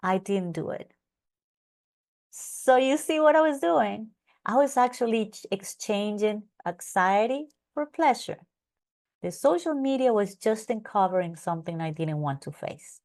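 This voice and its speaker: Woman coach, live webinar host, animated delivery, calls out chat names. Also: on the high side, moderate pace. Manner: animated, acts out her own past thoughts; reads out attendee names from chat. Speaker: online course coach.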